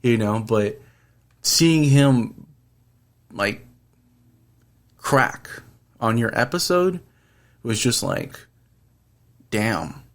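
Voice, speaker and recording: A man's voice: medium pitch, lively intonation, drawn-out words, long pauses. A man hosting a podcast, talking earnestly and rambling in casual chat, swearing freely. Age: adult, past his twenties. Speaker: podcast host.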